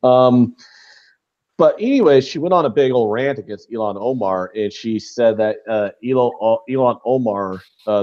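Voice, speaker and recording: Low-voiced blunt, profane man. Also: darkish tone, highs cut off. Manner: blunt, profane, rambling with restarts. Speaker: podcast co-host. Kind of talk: casual chat.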